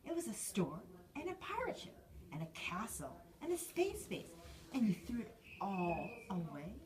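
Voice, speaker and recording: A woman voicing a sulky young boy pig who whines and shouts when upset, read from a storybook. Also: mid-range voice, huge pitch swings, unhurried, a crowd in the background, voice pushed up. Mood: whiny. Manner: whiny, shouty when cross.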